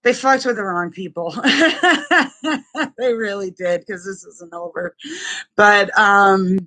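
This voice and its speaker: Woman vlogger with a bright, sharp tone, telling her own story angrily and bluntly, swearing freely. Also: medium pitch, animated, unhurried. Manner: blunt and profane, with heavy swearing and restarts; indignant and raw. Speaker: vlogger sharing a personal experience. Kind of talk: angry personal testimony vlog.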